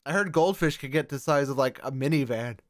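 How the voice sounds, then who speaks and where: An excitable man co-hosting a casual podcast, reading posts aloud and reacting with quick exclamations. His voice sounds smooth and clear, mid-pitched, recorded close and dry. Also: no room sound. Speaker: podcast co-host.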